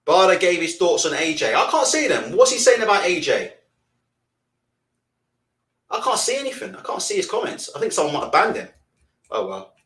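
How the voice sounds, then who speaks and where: A loud man hosts a boxing live stream, reading out comments and ranting in a deliberately amped-up, profane way. His voice sits high for a man and leaps all over the place as he vents. He keeps the energy pushed up throughout. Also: sing-song. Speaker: boxing channel host.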